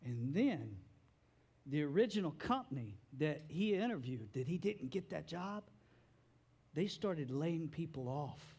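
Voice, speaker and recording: High-voiced, animated preaching man. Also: measured pace, slightly rough. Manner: animated preaching with joking asides. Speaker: pastor. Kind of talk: sermon.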